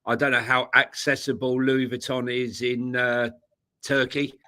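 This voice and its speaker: Bright-voiced man, hesitant chat. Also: medium pitch, little pitch movement, measured pace. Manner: hesitant, many fillers and restarts. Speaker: co-host of a football podcast. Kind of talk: casual live-stream chat.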